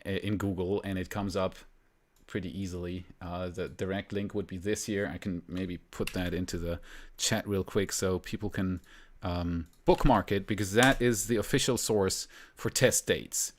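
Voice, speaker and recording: A man from Germany hosting a live stream, chatting casually and rambling a little, with frequent fillers and soft laughs. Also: low voice, fairly even intonation, normal speed, a little hiss or hum. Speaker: livestream host.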